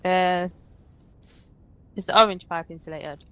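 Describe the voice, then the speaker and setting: A woman's voice: lowish voice, measured pace, clean tone, no room sound. A woman playing a co-op game alongside a streamer, bantering playfully from slightly away from the mic. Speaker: co-op gaming partner. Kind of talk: casual gameplay chat.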